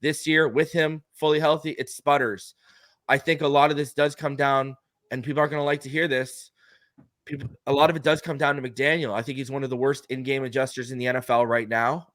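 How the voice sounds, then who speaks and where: A man in a podcast roundtable, arguing his sports points emphatically in quick bursts. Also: mid-range voice, steady tone, fairly bright tone, no echo, clean studio sound. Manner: emphatic, argumentative, rapid bursts. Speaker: podcast guest. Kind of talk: heated sports roundtable debate.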